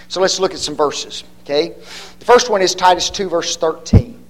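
A man's voice: high voice, normal speed. A man teaching a Bible study, quizzing his listeners with rhetorical questions and a constant "okay?", and stretching key words for emphasis.

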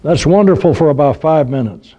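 A man's voice: a little high, expressive, a little fast, mellow, dull audio. An older man preaching a sermon, telling folksy humorous stories and acting out the voices he quotes.

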